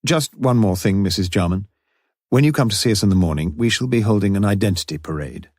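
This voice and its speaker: Audiobook: a man doing a clever, commanding detective, deep and slightly husky, gently coaxing. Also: quick pace, no echo, clean studio sound, lightly acted. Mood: wry. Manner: wry, coaxing and quietly commanding. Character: shrewd, wry male police inspector. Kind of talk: audiobook character voice.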